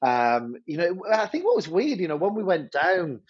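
A head teacher, telling a story in a podcast interview, animated and stumbling over repeated words. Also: male voice, high voice, normal speed, breathy edge, highs cut off.

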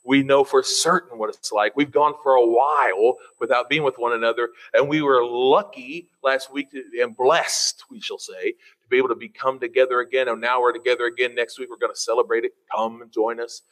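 A man preaching a sermon, teasing his listeners and climbing high in pitch for emphasis, then slowing right down to read scripture. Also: steady tone, fairly bright tone, poor audio. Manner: reads scripture slowly and deliberately.

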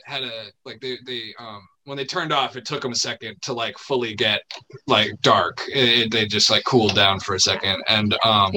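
A young man telling a story in casual chat, halting and full of fillers and restarts, laughing often. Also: fairly high pitch, bright, forceful tone, poor audio. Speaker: podcast guest telling a story.

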